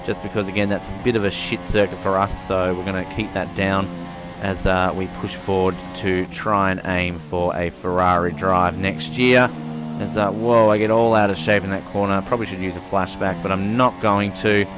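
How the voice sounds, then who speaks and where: A young man giving casual, chatty commentary over his racing game career, swearing now and then and getting excited at the starts. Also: deep voice, normal speed, over music. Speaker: gaming channel host. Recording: game engine noise behind voice.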